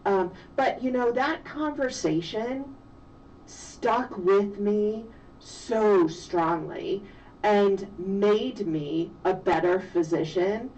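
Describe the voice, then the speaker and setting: A middle-aged woman, a physician and mother, telling a personal story slowly and reflectively in an interview. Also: mid-range voice, a little mellow. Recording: distant, dull lo-fi sound with faint noise.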